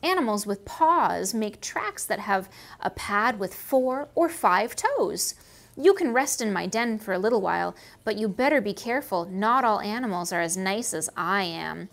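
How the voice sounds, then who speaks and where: A woman's voice: medium pitch, expressive, creaky. A woman voicing a prickly but kindly male fox in a storybook reading, talking in an indignant, lecturing way. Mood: brisk explaining. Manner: indignant, then brisk and lecturing.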